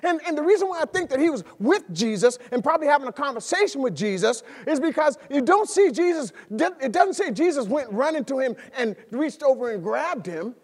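A man preaching a sermon as pastor, swinging between soft storytelling and loud, excited delivery. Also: very high-pitched, a little fast, few pauses, long reverb tail. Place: church sanctuary.

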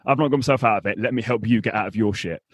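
A man's voice: fairly low pitch, very fast, husky, no echo. A man hosting a podcast interview, blunt and emphatic, swearing freely in casual talk. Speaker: podcast host.

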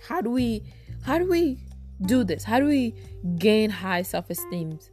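A woman's voice: on the high side, big pitch swings, measured pace, dark tone, faint music behind. A woman hosting a self-help podcast, talking casually and emphatically to her listeners, repeating phrases for stress. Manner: talks straight to listeners as "you guys". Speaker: podcast host.

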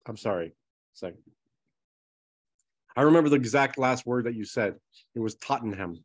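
A man's voice: mid-range voice, expressive, moderate pace. A man co-hosting a podcast in casual chat, joking and easygoing. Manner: joking, easygoing, apologetic asides. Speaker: podcast co-host.

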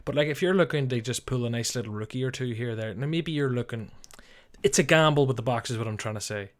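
A man's voice: mid-range voice, fast talker. A man co-hosting a casual podcast, opinionated and frank, laughing easily and swearing mildly. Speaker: podcast co-host. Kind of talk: casual chat.

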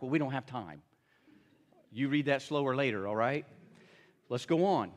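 A man's voice: a little high, normal speed, long reverb tail. A man preaching a sermon and reading scripture aloud, talking to the congregation in a casual way and often checking in with them. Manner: conversational, addresses congregation with tag questions.

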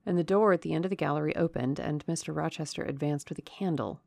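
Brief: woman narrator, slow and measured, gravelly low voice, dry recording. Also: warm tone, dry recording. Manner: measured, dramatic reading. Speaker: audiobook narrator. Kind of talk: scripted narration of a classic novel.

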